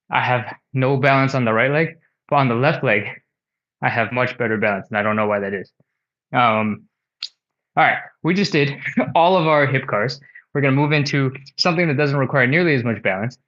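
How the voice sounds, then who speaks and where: A man's voice: mid-range voice, fairly bright tone, lo-fi sound. A man leading a live home stretching class, chatty and rambling, counting reps aloud and short of breath. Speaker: stretching instructor. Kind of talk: live-streamed workout instruction.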